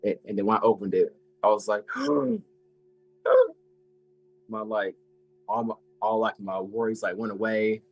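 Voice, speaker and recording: An eighteen-year-old man chatting casually as a collector guest, halting and filling every pause with "like". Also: lowish voice, level tone, dry recording, dull audio. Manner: halting, fills with "like" a lot. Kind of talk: casual chat.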